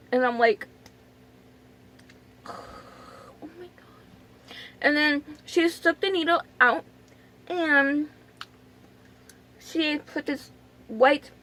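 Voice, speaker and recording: A woman's voice: sits high, bright, forceful tone. A young woman vlogging in a chatty, dramatic way, full of fillers and exclamations. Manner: chatty, dramatic, lots of "like" and "oh my God". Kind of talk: casual vlog storytelling.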